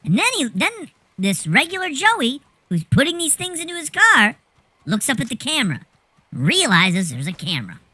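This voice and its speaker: A woman telling a rambling anecdote in a casual, animated way, swearing freely as she goes. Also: high-pitched, moderate pace, husky, no room sound. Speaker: storyteller.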